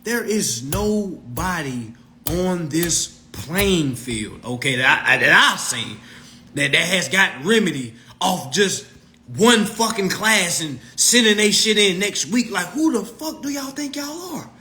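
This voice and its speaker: A man's voice: high voice, animated, slow pace, bright, forceful tone. A man coaching followers on consumer law in a profane, mocking rant. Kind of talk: ranting monologue to followers.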